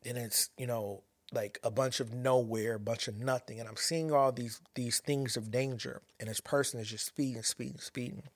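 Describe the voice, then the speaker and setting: A man shares a personal story, stopping and restarting often as he searches for his words. His voice sits at an ordinary middle pitch. The sound is dry and close, with no room echo. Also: fairly even intonation. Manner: halting, many restarts and fillers, reflective. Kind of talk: personal monologue about anxiety and a dream.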